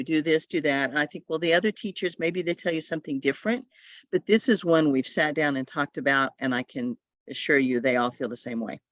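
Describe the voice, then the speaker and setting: A woman's voice: low-pitched, fairly bright tone, dry recording. Lady running a tutor training on a video call, chatty, dry muffled audio. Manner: chatty, advice-giving, quick asides.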